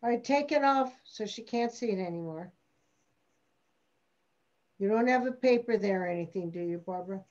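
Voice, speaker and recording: Brisk woman coaching over a dull call. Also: medium pitch, a little mellow. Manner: brisk, directive. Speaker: acting teacher. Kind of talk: coaching a class. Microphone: video call.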